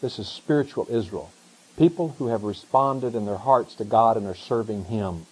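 A middle-aged man preaching a sermon as pastor, animated, pushing up into emphatic questions. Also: medium pitch, normal speed, breathy edge, poor audio.

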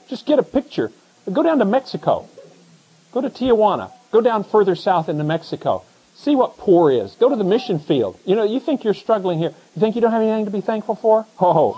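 A middle-aged man, a pastor, preaching a conversational sermon that swings between hushed asides and excited emphasis. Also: high-pitched, fairly quick, breathy edge, rough recording.

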